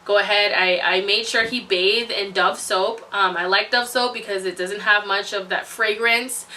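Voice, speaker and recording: Effusive young woman, bright and distant. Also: medium pitch, steady tone, normal speed. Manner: effusive, chatty, many exclamations. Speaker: vlogger. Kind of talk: casual storytelling to camera. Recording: voice distant from the mic.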